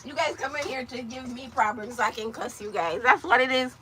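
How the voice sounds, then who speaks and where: Brash young Jamaican woman, bright and high. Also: a little hiss or hum. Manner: loud, brash and teasing, quick to cuss. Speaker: vlogger. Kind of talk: casual live chat.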